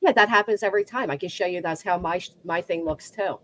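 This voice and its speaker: A woman's voice: lowish voice, fast talker, a bit bright. A woman YouTuber talking as a guest, self-assured as she walks through what's on her screen.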